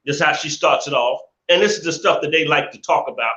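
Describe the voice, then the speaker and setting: A man's voice: fairly high pitch, fast talker, sharp tone. A man hosting a live stream, ranting indignantly and repeating himself in casual commentary. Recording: echoey room, dull lo-fi sound.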